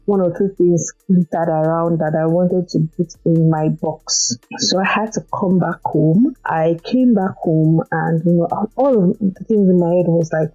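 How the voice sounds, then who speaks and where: Young Nigerian woman, vlogger, expressive and emotional storyteller, mellow tone, dull lo-fi audio with soft music behind. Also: on the low side, moderate pace, hardly any pauses. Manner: animated and emotional, with sudden exclamations. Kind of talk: casual personal storytelling.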